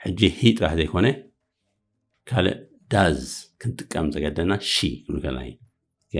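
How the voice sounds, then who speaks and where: Man, very deep voice, fast talker, English teacher, repeats phrases slowly, faint background music. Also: lively intonation, gravelly. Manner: repeats English phrases slowly and loudly, then explains quickly in another language. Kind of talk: language lesson for beginners.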